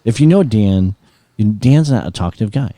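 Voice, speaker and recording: A middle-aged man with a lowish voice spins a loose, laughing anecdote in casual chat. His pitch swings widely as he acts out the moments, and the sound is close and dry. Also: moderate pace, no echo. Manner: animated rambling storyteller, laughs often. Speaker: guest musician.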